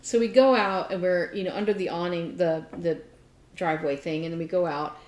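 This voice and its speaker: A woman co-hosting a craft podcast, telling a story in a chatty, animated way with lots of fillers. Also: on the low side, brisk, reverberant. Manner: chatty, animated retelling with many fillers and laughs. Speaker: podcast co-host. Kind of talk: casual storytelling chat.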